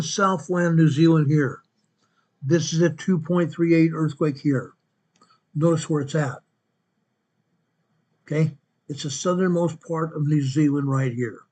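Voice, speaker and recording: A man's voice: a little high, darkish tone. A man hosting an earthquake report over a map, repeating each figure and correcting himself as he goes. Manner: repetitive, restates each quake figure; corrects himself mid-sentence. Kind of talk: narrating a map-based earthquake update.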